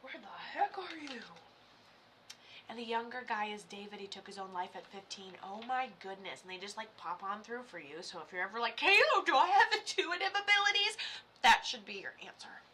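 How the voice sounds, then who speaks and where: A woman giving live psychic readings on a stream, chatty and excitable, full of fillers and sudden loud bursts. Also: mid-range voice, brisk, slight background noise.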